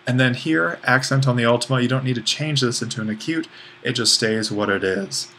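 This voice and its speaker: A man in a recorded online grammar lesson, explaining rules step by step in a loose, informal way, often restarting sentences and dropping fillers. His voice sits at a middling pitch. A faint hiss runs underneath. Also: fairly quick, pushed and bright. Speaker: Greek language instructor.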